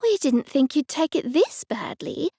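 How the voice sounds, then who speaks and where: A woman's voice: high voice, very animated, measured pace, mellow, no room sound, studio quality, voice pushed up. A woman playing a patient old witch aunt. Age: older. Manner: patient, explaining. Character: elderly witch aunt, patient and matter-of-fact.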